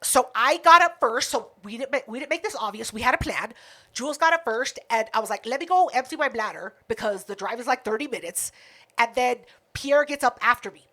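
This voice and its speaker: A woman's voice: fairly high pitch, expressive, a little fast, bright, forceful tone. A woman co-hosting a podcast, retelling a night out in a casual, profane chat full of quoted back-and-forth. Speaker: podcast co-host.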